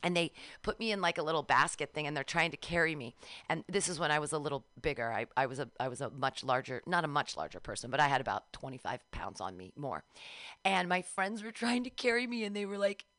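A woman in her forties co-hosting a radio show, telling a story casually and acting out quotes in a high voice. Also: expressive, quick pace, a bit bright, dry recording. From Southern California. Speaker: radio co-host. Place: radio studio.

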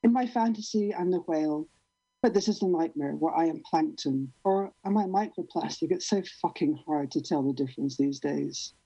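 A woman poet giving a deadpan, rhythmic poetry reading over a video call. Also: sits low, normal speed, husky, no room sound. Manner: deadpan, rhythmic, repetitive delivery. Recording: dull lo-fi online call audio.

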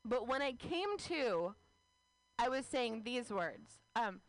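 A woman's voice: a little high, sing-song, slow, no room sound, low-quality recording. A woman in her thirties telling a rambling, self-mocking stand-up story, full of fillers like "like.". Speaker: stand-up comedian.

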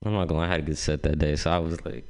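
A man's voice: a bass voice, steady tone, very fast, a little mellow. A young man doing stand-up, telling a rambling, profane story full of "like" and "dude". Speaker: stand-up comedian. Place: comedy club stage.

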